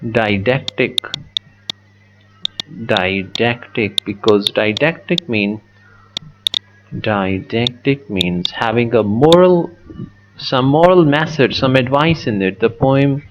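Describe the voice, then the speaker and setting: Slow, methodical male teacher. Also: mid-range voice, lo-fi sound, a little hiss or hum. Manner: slow, methodical, repeats words while writing. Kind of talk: poetry lesson with a digital pen.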